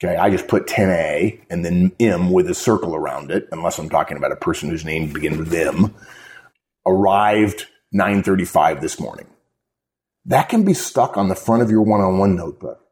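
Very deep-voiced emphatic man hosting. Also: a little mellow. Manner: emphatic, with sudden jumps in pitch. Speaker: podcast host. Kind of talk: casual podcast talk on management.

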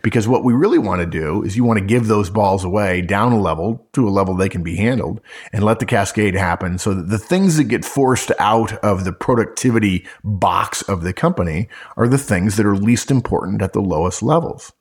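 Guy with a low husky voice laying out management advice, hammers the same points again and again. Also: fairly quick, few pauses. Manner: emphatic, repeats key points. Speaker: co-host.

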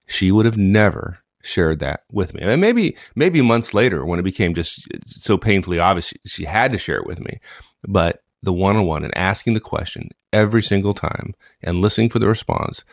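A man co-hosting a casual chat, telling a management story with animated repetition. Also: low voice, no echo, clean studio sound. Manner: animated, repeats phrases. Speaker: co-host, manager.

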